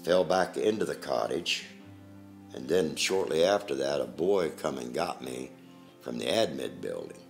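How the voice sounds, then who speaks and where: Very deep gravelly older man. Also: animated, faint music behind. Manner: halting, plain-spoken storyteller. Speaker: interviewee. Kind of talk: recounting personal memories.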